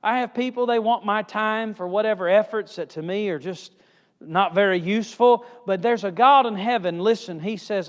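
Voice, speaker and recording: A male evangelist preaching a sermon with emphatic swings in pitch and loudness, recorded in a church hall. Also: normal speed, clear, resonant tone. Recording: reverberant hall.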